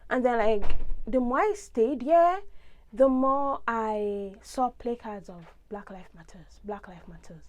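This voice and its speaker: Brief: young Nigerian-accented woman, high voice, animated expressive vlogger rant. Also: takes it slowly. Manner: expressive, ranting, big swings in tone. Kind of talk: casual vlog monologue.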